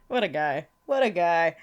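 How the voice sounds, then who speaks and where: A woman co-hosting a podcast in casual chat, chatty and laughing often with animated asides. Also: lowish voice, lo-fi sound. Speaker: podcast co-host.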